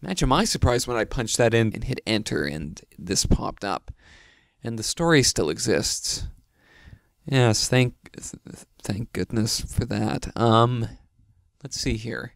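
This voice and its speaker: Tired, sarcastic young man with lively pitch. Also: a little slow, vocal fry, no echo, studio quality. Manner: sarcastic, mock-serious asides. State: tired, mouth healing from a tooth pulled. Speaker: YouTuber reading stories aloud. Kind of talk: comedic reading with commentary.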